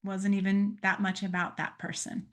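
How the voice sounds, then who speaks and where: Gentle, earnest woman astrologer. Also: mid-range voice, little pitch movement, moderate pace. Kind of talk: spoken weekly forecast talk.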